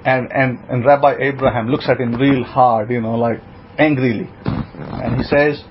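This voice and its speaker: A male rabbi telling a story in a sermon, acting out the quoted lines with animated delivery. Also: medium pitch, normal speed. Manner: animated retelling with voiced quotes, laughs now and then. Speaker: rabbi teaching a congregation. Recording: dull lo-fi sound with faint noise.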